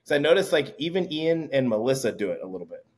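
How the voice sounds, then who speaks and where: A man's voice: mid-range voice, very animated, fast talker. A man co-hosting a podcast in casual chat, playful and teasing, swearing now and then. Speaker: podcast co-host.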